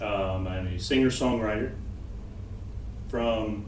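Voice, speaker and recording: A man's voice: fairly low pitch, slow, a little mellow, a little hiss or hum. A singer-songwriter man from Florida, answering interview questions in an easygoing, hesitant way. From Florida, USA. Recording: roomy, distant mic.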